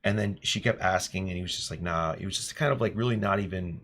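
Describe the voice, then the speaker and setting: A man and teacher telling classroom stories in an earnest, animated podcast chat. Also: low voice, fast talker. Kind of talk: casual storytelling chat.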